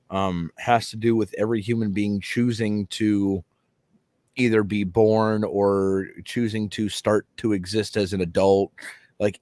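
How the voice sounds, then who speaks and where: A man with a low voice lays out a debate point in a measured, argumentative tone. The recording is dry and close, with no room sound. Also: a little mellow, no room sound. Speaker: co-host. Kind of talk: casual debate chat.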